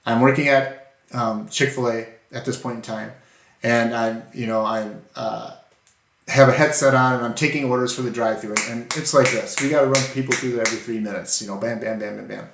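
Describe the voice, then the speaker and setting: An earnest man co-hosting a casual faith-based podcast, telling stories from his own life with a gravelly edge to his voice. He sounds like he is in an echoey room. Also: medium pitch, fairly quick, a little hiss or hum. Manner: earnest storytelling, animated when quoting. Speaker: podcast co-host.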